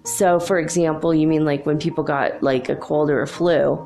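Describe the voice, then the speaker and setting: Woman medium, casual and giggly, relaying spirit messages; low-pitched, faint music underneath. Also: fairly even intonation, normal speed, dark tone. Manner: chatty, giggly, relays spirit voices in quotes. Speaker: psychic medium channeling spirits. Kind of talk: casual live channeling session.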